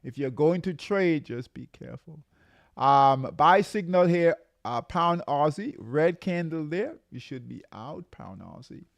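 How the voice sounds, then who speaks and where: Slow gravelly man calling trade signals. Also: on the high side, lively intonation, dry recording. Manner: repeats himself, drawn-out warnings, calls out signals. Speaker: trading show host. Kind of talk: live market update.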